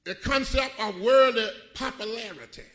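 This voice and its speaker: A middle-aged man preaching a sermon, telling stories, swinging between laughing asides and shouted points. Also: very high voice, normal speed. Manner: animated, shouting and laughing with the congregation. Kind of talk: sermon storytelling. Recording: church congregation audible. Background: live congregation.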